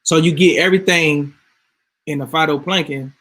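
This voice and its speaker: A man's voice: on the high side, unhurried, a bit bright. A man ranting casually to his viewers, emphatic and swearing freely. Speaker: vlogger. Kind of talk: casual rant to camera.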